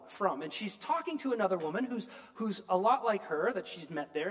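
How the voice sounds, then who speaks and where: A man preaching a sermon, retelling a story in an animated, emphatic storytelling manner. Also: sits high, big-room sound.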